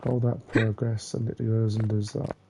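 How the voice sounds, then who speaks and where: A young man swearing and ranting angrily while commenting on his own gameplay, muttering curses under his breath between louder complaints. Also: on the low side, little pitch movement, moderate pace, vocal fry, heavy background noise. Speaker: gamer playing a platform game.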